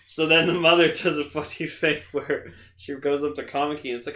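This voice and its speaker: A man co-hosting a podcast in casual chat, excited and swearing often. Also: fairly high pitch, brisk, echoey room. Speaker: podcast co-host.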